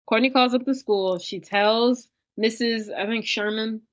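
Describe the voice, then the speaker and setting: Against a noisy background, a woman whose voice sits on the high side talks at a measured pace. She's a podcast co-host recapping a film in easygoing chat, animatedly acting out the characters' lines.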